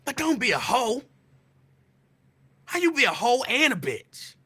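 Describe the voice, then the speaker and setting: Lively, bright-toned man ranting on his podcast. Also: extremely high pitch, measured pace, slightly rough. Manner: animated, teasing, profane, repetitive. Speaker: podcast host. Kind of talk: casual call-out rant.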